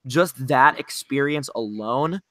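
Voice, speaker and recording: A man's voice: mid-range voice, slow pace, sharp tone. A man co-hosting a podcast, chatting casually about video games, hesitant and earnest with many restarts. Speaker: podcast co-host.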